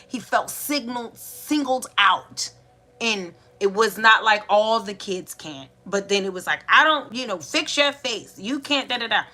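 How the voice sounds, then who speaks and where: Woman, 30s, podcast host. Bright, animated storyteller who acts out quoted relatives. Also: mid-range voice. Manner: animated, acts out family members' voices. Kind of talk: casual storytelling monologue.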